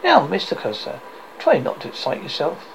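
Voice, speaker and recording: Man reading as a stiff formal official, fussy, gravelly voice, lively pitch. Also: moderate pace, a little hiss or hum, exaggerated voice, poor audio.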